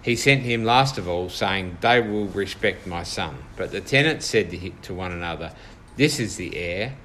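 A man whose voice sits fairly low teaches an informal Bible study to a few people, speaking in a considered, stop-start manner full of fillers. The recording is rough, with a soft hiss in the background.

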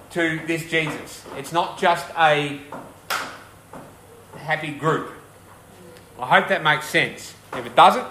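A man preaching a sermon with a slightly higher voice than most men. He talks earnestly and conversationally, often putting questions to the congregation. His voice rings through an echoey church hall. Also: pushed and bright, a little hiss or hum. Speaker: pastor.

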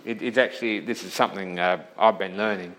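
A man's voice: low-pitched, fairly even intonation, fairly quick, a bit bright, poor audio. Man preaching a conversational sermon. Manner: checks in with listeners often; self-correcting, thinking aloud. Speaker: pastor.

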